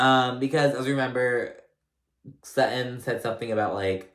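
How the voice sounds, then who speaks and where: A man talks through a reality TV episode in a loose, rambling way, full of "like" and "I don't know." He sounds sassy and opinionated. His voice sits at an ordinary pitch and carries an echo from the room. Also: moderate pace, fairly bright tone. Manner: chatty, rambling, filler-heavy, sassy. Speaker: recap host. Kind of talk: casual reality TV recap.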